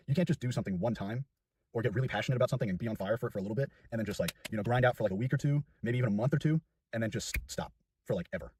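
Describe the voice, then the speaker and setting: A nineteen-year-old man rambles quickly through a casual vlog, self-deprecating and full of fillers. His low voice is husky and sits a little away from the mic, in a dry space with no echo. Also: warm tone, recorded from a distance. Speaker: YouTuber.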